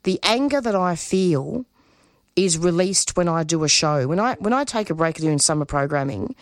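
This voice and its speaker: Woman, low-pitched, impassioned, restarts her sentences, radio interview guest, dry sound. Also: expressive, moderate pace, no echo. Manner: impassioned, speaks in bursts with restarts.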